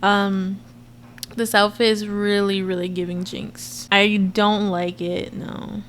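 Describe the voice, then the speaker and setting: A woman in her twenties giving a chatty, expressive reaction commentary to her viewers. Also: medium pitch, slow pace, slight background noise. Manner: chatty and expressive, frequent laughs and asides to viewers. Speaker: reaction vlogger.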